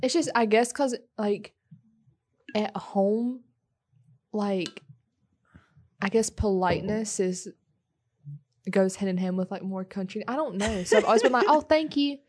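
A woman's voice: medium pitch, measured pace, pauses often, darkish tone, husky. A woman in her early twenties with a South Carolina accent, co-hosting a podcast in easygoing casual chat. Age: early 20s. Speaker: podcast co-host.

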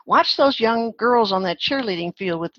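A woman's voice: on the high side, expressive, moderate pace, lo-fi sound. An older woman guest on an interview, telling stories in a chatty way and laughing as she acts out other people's lines. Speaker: guest, phone-skills trainer. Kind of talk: podcast interview storytelling.

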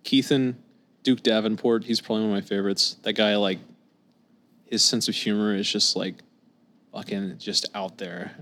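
A man's voice: fairly low pitch, steady tone, moderate pace, a bit bright. A man from Scotland chatting casually as a podcast guest, laid-back, swearing freely and laughing easily.

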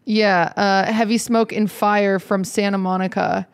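Brief: young woman host, teasing, giggly, rambling, mid pitch. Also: fairly even intonation, measured pace, clear, resonant tone. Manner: teasing, laughs often, rambling restarts. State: a little out of it. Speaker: podcast host. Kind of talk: casual chat. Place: studio, seated beside the co-host.

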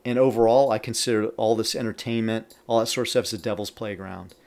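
A man's voice: fairly low pitch, steady tone, quick pace, creaky, a little mellow. Earnest man teaching scripture. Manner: earnest, reads scripture aloud with added emphasis; stops to comment between verses. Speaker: podcast preacher. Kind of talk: Bible teaching.

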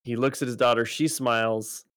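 A man's voice: medium pitch, steady tone, moderate pace, fairly bright tone, no echo. Man narrating scenes, dry close sound. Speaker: podcast co-host. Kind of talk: casual recap chat.

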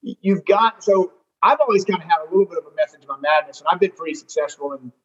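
A man telling a long, animated story in a casual interview, rambling and full of restarts. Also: high-pitched, fast talker. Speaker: golf tournament director. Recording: dull lo-fi sound.

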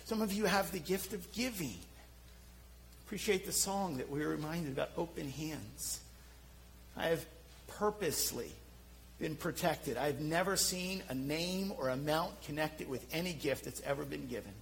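A middle-aged man with a Philadelphia accent preaching a sermon, telling self-deprecating stories in an animated way. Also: on the high side, normal speed, creaky, a little hiss or hum, poor audio. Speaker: pastor.

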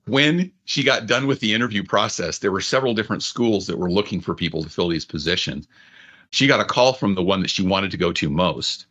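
A man's voice: lowish voice, bright, forceful tone. A man, an author and podcast guest, telling anecdotes and retelling conversations. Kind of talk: storytelling in conversation.

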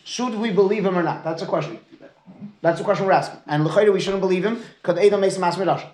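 A man leads a Talmud class at a brisk clip, his voice sitting a little high. He mixes Aramaic and Hebrew terms into his English and keeps asking his students "right?". The echo of the room carries around him. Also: darkish tone. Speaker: Talmud teacher. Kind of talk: lecture with student questions.

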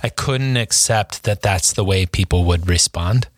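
Male co-host, low, dry and close, hesitant and reflective. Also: a little slow, no echo. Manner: hesitant, thinks aloud with restarts. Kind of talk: casual radio talk about a movie.

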